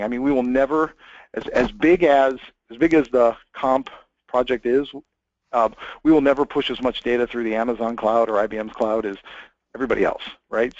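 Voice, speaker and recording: A man's voice: medium pitch, no room sound, dull audio. A man giving a conversational technical webinar presentation, chatty, with many fillers and restarts.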